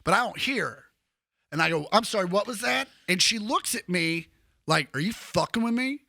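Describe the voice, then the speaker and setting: A man in his thirties, a comedian guest on a podcast, telling stories in a casual, animated way and acting out the people he quotes. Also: high voice, moderate pace, vocal fry, no room sound, clean studio sound. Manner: animated, acts out quoted voices.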